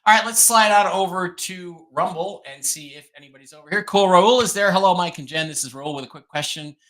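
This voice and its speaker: A man hosts a casual livestream, his voice bright and forceful. He answers viewer questions flatly and dismissively. His level dips whenever he pulls back from the desk microphone. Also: high voice, brisk. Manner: blunt, dismissive, thinks aloud while fiddling with mic settings. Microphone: desk microphone whose level drops as he moves away.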